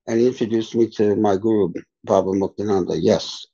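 Older male spiritual teacher, mellow husky voice, dull lo-fi sound, unhurried storyteller. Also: on the low side, fairly even intonation. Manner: unhurried, reflective anecdotes. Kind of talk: storytelling in a podcast interview.

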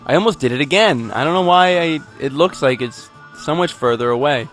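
A man's voice: fairly high pitch, expressive, brisk, few pauses, a bit bright, soft background music. A man playing a video game and narrating it in a rambling, goofy, self-mocking way, with sudden outbursts. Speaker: let's play gamer. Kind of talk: game commentary.

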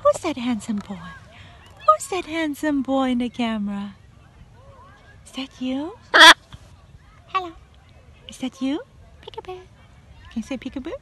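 A woman's voice: high-pitched, big pitch swings, a little slow, pauses often, a bit bright, a little hiss or hum. A woman vlogging outdoors in a park, chatting playfully with her pet parrot in baby talk and talking to her viewers.

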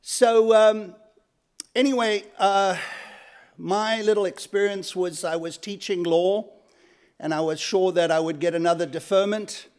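A South African man in his fifties moderates a panel at a lecture. His fairly high voice moves haltingly through introductions and memories, full of ums and uhs but earnest. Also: steady tone, a little mellow, clean tone. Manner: many fillers, halting, earnest. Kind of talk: panel introductions and personal story. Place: lecture hall.

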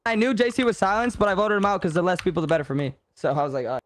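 A man's voice: high-pitched, steady tone, rapid-fire. A man playing an online game with friends, laid-back and joking, laughing often. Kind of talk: casual gaming banter.

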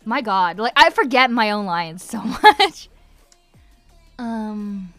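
On a livestream at home, an Irish-accented voice actress signs autographs, chatting, giggling and musing aloud as she writes over faint background music. Her mid-range voice swings widely in pitch, slow-paced, pushed and bright, with no room sound.

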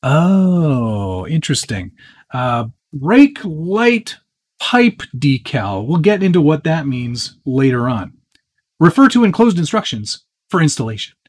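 A man's voice: fairly high pitch, big pitch swings, takes it slowly, a little mellow, slightly rough. A man hosting a live stream, casually chatting and answering viewer questions while working on a model truck with his hands. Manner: chatty and easygoing, with frequent fillers and self-interrupting asides. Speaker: host of a live build stream.

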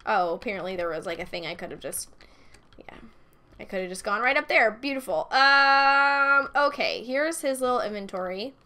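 A woman's voice: a little high, animated, moderate pace, bright, forceful tone. A young woman chatting casually as she plays and comments on a game, bubbly and talkative. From United States. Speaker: Minecraft let's-play host.

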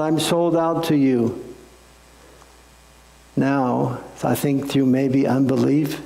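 A man's voice: medium pitch, vocal fry, mellow, reverberant, big-room sound, low-quality recording. A man, a pastor, preaching a sermon and telling a folksy story in a conversational way.

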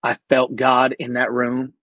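A man's voice: medium pitch, measured pace, dry recording, phone-quality sound. A man who is an actor and comedian, telling a story animatedly in casual, slangy talk as a podcast guest. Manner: energetic, acts out quoted voices.

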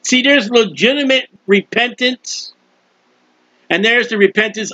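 A man's voice: high voice, animated, moderate pace, pushed and bright, no echo. A male preacher giving an impassioned sermon and acting out prayers, in a dull lo-fi recording. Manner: impassioned, acts out prayers and quotes.

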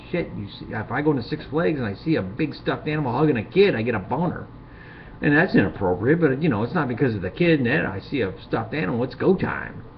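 A middle-aged man hosting a comedic monologue, rambling and crude, building to loud rants. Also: medium pitch. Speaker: show host. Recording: dull lo-fi sound with faint hiss.

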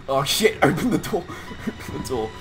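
A man playing an online game with friends, shouting playful trash talk and laughing as he goes. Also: on the high side. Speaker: gaming YouTuber. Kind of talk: casual game chat.

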